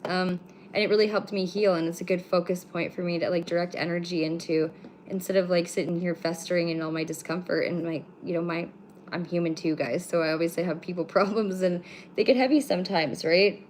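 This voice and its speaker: A woman's voice: on the low side, steady tone, fairly quick, darkish tone, slight background noise. A woman from Canada hosting a casual livestream from her home, talking bluntly to her viewers, swearing freely and teasing the chat. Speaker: livestream host. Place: home room with pets.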